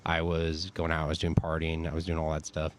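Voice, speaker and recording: A very deep-voiced man in his late twenties tells his story as an interview guest. He talks loosely, with plenty of "like" and "um" fillers. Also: completely flat delivery, brisk, noisy background. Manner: loose, filler-heavy talk with many "like" and "um". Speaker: interview guest, military veteran.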